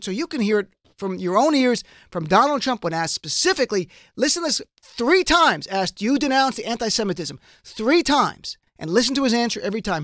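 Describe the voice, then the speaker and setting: A man's voice: high voice, fairly bright tone, no room sound, studio quality. A man hosting a political talk show, making an emphatic, passionate case full of rhetorical questions. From United States. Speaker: radio show host. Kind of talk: political commentary.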